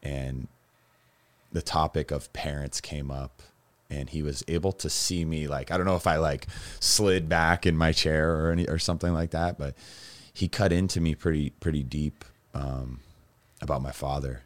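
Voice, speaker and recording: Man, extremely deep voice, guest storyteller, rambling, candid, halting restarts. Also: fairly even intonation. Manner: rambling, with frequent restarts and fillers. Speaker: guest recounting his recovery.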